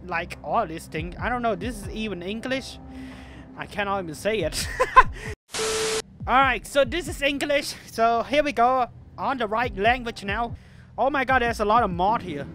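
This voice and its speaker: A woman hosting a let's-play video, giving excitable commentary and swearing and shouting at the game. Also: a little high, noisy background. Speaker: gaming video host.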